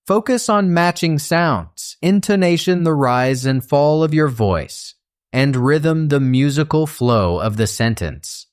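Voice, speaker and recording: Slow, measured male narrator. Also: on the high side, smooth. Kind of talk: scripted instructional narration.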